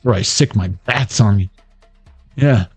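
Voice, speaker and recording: A man's voice: on the low side, a little slow, darkish tone, slightly rough, no room sound, soft background music. A man giving a casual, joking tarot reading on a livestream. He rambles and swears freely. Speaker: tarot reader.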